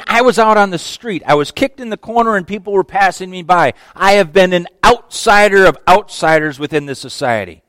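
A man's voice: high voice, fairly bright tone, dry recording. A man voicing a fearless, plainspoken beggar who was healed of blindness, in a sermon retelling. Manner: plainspoken, emphatic storytelling.

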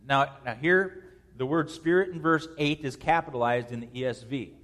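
A man's voice: a little high, lively intonation, brisk. Man preaching in a reverberant hall. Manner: preaches with dynamic swings in loudness and pace. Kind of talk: expository sermon.

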